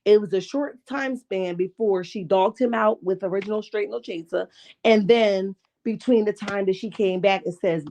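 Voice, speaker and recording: A woman hosting a reality-show recap, talking in a casual, sassy and profane way, her voice a bit raspy this morning. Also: mid-range voice, normal speed. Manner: sassy, profane, rhetorical asides with "okay?" and "right?". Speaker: reality TV commentary host.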